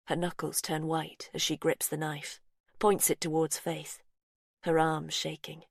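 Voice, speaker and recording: A woman reading a suspense story aloud in slow, hushed, suspenseful narration. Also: low-pitched, flat delivery, gravelly, husky, no echo, studio quality. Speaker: audiobook narrator. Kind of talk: scripted narration.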